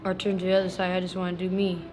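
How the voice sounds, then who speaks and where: A woman's voice: on the low side, monotone, racing, noisy background. A woman giving short, blunt answers in a street interview.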